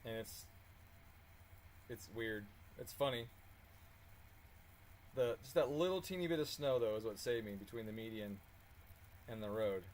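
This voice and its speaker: A man telling a story in a casual, animated way while working on a car, swearing freely and chuckling as he talks. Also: lowish voice, a little slow, long pauses, slight background noise. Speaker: car tuning channel host.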